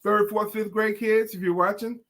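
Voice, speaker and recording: A man's voice: high-pitched, steady tone, moderate pace, fairly bright tone. A man, from Brooklyn, co-hosting a casual live stream and teasing his co-host in playful banter. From Brooklyn, New York.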